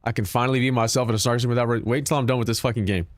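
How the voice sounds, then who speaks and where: A man's voice: mid-range voice, steady tone, very fast, dry recording, clean studio sound. A man streaming a game, chatting casually and profanely with his viewers, joking and talking back to chat.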